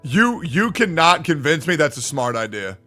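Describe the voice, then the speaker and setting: High-pitched guy streaming games, arguing w/ chat, cussing, faint music behind. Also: very animated, normal speed, bright, forceful tone. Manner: argumentative, profane, talks back to chat. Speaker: livestreamer. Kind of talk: live-stream chat reacting to viewers.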